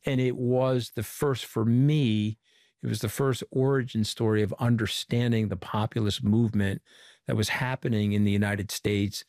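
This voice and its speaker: A middle-aged man from Long Island speaks in a lowish voice, recounting events as an interview guest. He acts out the people he quotes in little bits of dialogue. The sound is dry, with no room around it. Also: normal speed, no echo. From Long Island, New York. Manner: animated storyteller who quotes people in dialogue. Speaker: interview guest, former communications director. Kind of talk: conversational storytelling interview.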